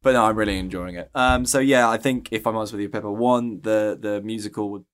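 A man answering listener questions on a podcast in casual chat, animated and gushing, with drawn-out exclamations. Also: fairly low pitch, clean tone. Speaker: podcast guest.

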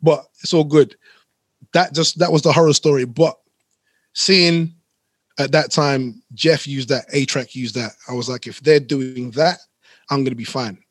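A man's voice: medium pitch, measured pace, dry recording. A man, a guest DJ, telling rambling stories in a laid-back podcast chat. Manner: rambling, laid-back storytelling with London slang.

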